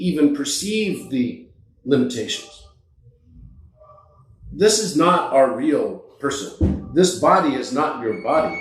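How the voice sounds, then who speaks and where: A podcast guest tells motivational stories in an emphatic, earnest manner. He is a man with a fairly high voice. The room around him sounds echoey. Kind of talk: motivational storytelling.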